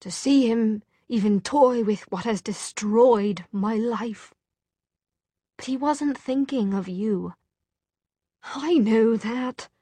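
A woman's voice: expressive, slow pace, a little mellow, husky, no room sound. Woman reading as a bitter dying young man. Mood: hurt. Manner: low, near-hissing intensity. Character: young man, gravely ill, bitter and despairing.

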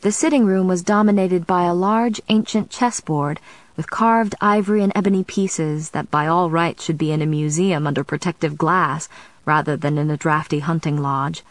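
Woman audiobook narrator, steady and measured, slightly low, dry studio read. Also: no room sound, low-quality recording. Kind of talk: scripted narration.

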